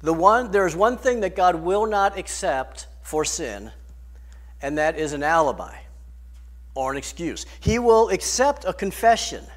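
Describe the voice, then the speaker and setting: A man preaching a sermon, emphatic, rising and falling in loudness and pace. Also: high voice, very animated, a little slow. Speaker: pastor.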